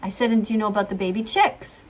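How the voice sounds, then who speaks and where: A woman's voice: mid-range voice, steady tone, fast. A middle-aged woman earnestly telling a rambling story, acting out what others said. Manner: rambling, earnest, acts out quotes. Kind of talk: storytelling monologue.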